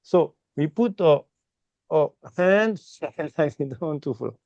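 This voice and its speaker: Male meditation teacher, slightly high and gravelly, dry muffled sound, patient non-native English. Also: animated, no room sound. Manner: explains slowly and repeatedly, ending phrases with "okay?"; non-native English with simple grammar slips. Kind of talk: guided meditation instruction.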